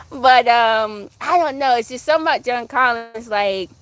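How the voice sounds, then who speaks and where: A woman's voice: fairly high pitch, no room sound. A woman hosting her own channel, chatting casually and rambling through asides as she answers viewer questions. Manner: fan of classic TV soaps. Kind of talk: casual chat.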